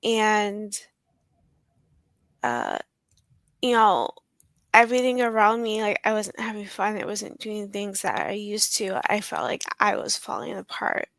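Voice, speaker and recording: A woman guest in an interview, telling a personal story in a halting, emotional way with many pauses. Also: mid-range voice, animated, a bit bright, no echo.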